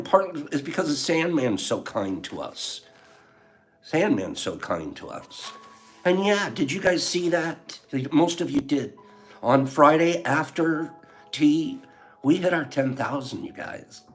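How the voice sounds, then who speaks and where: A man's voice: fairly high pitch, very animated, unhurried, faint music behind. An older man hosting a casual livestream, emotional and heartfelt, laughing often as he chats with viewers. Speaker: livestream host.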